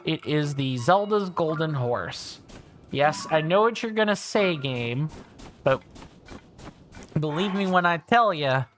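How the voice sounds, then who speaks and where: A man's voice: on the high side, animated, slow, fairly bright tone, faint music behind. A man from the American South with a Southern drawl, chatting and rambling in a self-deprecating way while commentating a game on a livestream. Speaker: game streamer.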